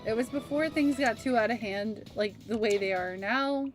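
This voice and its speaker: Game music accompanies a woman in her thirties who speaks at a normal speed in a fairly high voice. She chats casually on her gaming stream, reminiscing and laughing easily.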